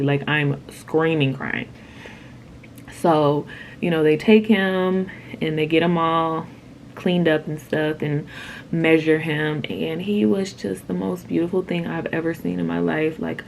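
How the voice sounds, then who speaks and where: A woman's voice: low voice, a little hiss or hum. A young woman telling a personal story in a casual, candid way, with lots of "like". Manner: chatty, candid, says "like" a lot. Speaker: vlogger telling her birth story.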